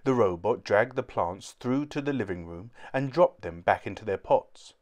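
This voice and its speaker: A man reading a children's book aloud in a clear, steady storytelling manner. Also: fairly low pitch, moderate pace.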